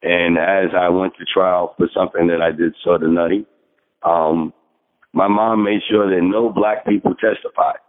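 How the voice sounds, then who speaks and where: Hoarse deep-voiced man on a phone line. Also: steady tone, normal speed. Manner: earnest storytelling, clears throat often. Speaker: caller. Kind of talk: casual sharing on a group call. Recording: tinny phone line with long reverb.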